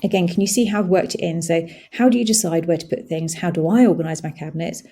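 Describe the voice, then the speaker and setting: Woman host, husky and mellow, casual screen-share walkthrough, thinks aloud with fillers. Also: on the low side, fast. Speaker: blogging tutorial host.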